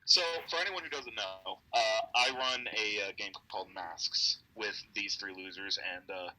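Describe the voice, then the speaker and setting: A man's voice: lowish voice, normal speed, sharp tone, soft background music, poor audio. A young man co-hosting a casual podcast, teasing and cracking sarcastic jokes as the group's game master. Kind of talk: casual chat.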